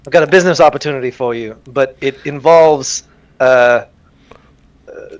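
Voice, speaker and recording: A man's voice: medium pitch, normal speed, no room sound. A man as a player in a tabletop game, talking in character in a sly, businesslike way over a video call.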